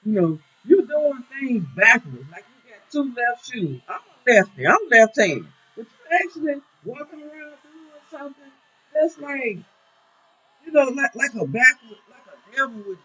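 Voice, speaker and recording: A man's voice: very high voice, very animated, normal speed, bright, forceful tone, breathy edge. A man, a minister, talking in a preachy, emphatic way in casual discussion, repeating his points. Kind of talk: casual talk show discussion. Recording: dull lo-fi recording.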